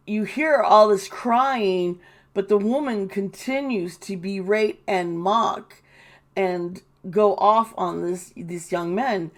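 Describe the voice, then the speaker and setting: A woman's voice: medium pitch, slow pace. A woman giving casual, indignant commentary, swearing and mocking the people she quotes. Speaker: tarot reader and commentator.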